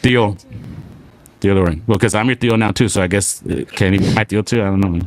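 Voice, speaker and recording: A young man from South Texas with a slight twang, hosting a casual live show and reading out viewer shout-outs. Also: fairly low pitch, quick pace. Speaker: show host.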